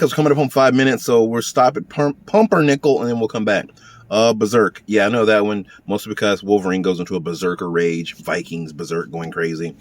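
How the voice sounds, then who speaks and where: A man's voice: medium pitch, no echo. A man reading through a list of words for a video, chatting casually about each one with dry offhand humor and acting out little example lines. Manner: muses aloud and acts out little example lines. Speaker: YouTuber reading a word list. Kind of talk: casual off-the-cuff commentary.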